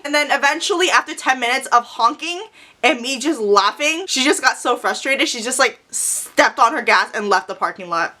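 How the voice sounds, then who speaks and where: A young woman telling a storytime vlog in an animated, profane, dramatic way. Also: sits high, moderate pace. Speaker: vlogger.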